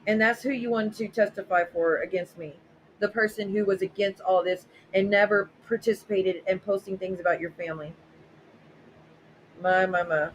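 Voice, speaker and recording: A woman's voice: medium pitch, steady tone, fairly quick, muffled recording, a little hiss or hum. A woman hosting a casual livestream, reading viewer messages aloud and reacting bluntly and sarcastically, with frequent swearing. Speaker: livestream host.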